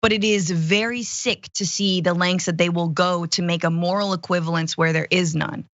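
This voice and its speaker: A woman in her thirties giving animated, impassioned political commentary in casual chat, dropping quick asides. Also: lowish voice, no echo, lo-fi sound. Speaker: guest co-host, political commentator.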